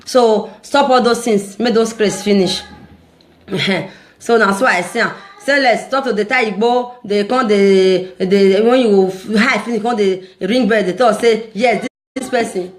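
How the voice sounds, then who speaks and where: A Nigerian woman talking casually to her followers in a vlog, animated and preachy, often laughing as she speaks. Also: medium pitch, measured pace. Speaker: social media vlogger.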